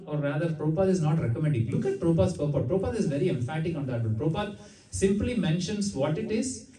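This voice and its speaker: A man lectures on scripture in a conversational way, often turning questions to the audience. His voice is mellow and dark, a little high for a man. He is picked up from across an echoey temple hall. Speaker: speaker giving a scripture class. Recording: echoey hall, mic far off.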